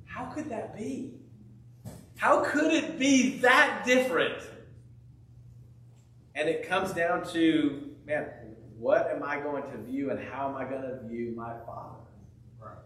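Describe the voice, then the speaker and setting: A man delivers a sermon, retelling a parable and animating each character as he goes. His voice sits a bit high for a man. The sound is very echoey and comes from some distance away from the mic. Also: unhurried, pauses often, slight background noise. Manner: animated storytelling, acting out biblical characters' voices. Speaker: pastor.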